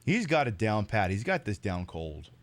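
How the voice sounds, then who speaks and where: A man's voice: lowish voice, very animated, moderate pace, very noisy. A man live-streaming a horror game, rambling, jokey and profane as he chats. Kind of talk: casual live-stream commentary.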